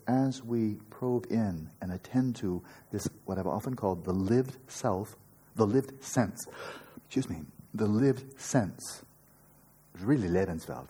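Older guy teaching meditation, low mellow voice, pretty husky, keeps asking "right?". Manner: earnest, playful asides, rhetorical questions. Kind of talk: dharma talk to retreat students.

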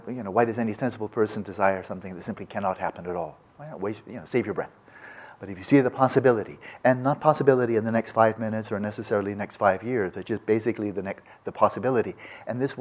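A man's voice: on the low side, darkish tone, husky. A man teaching meditation in a reflective talk. He speaks thoughtfully and often restarts his sentences. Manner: acts out quoted voices.

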